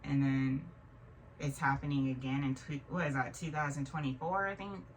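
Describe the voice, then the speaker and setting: A woman's voice: a bass voice, steady tone, normal speed. A woman in her thirties, telling a long casual story as a vlogger, rambling with many fillers and restarts. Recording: distant mic with faint noise.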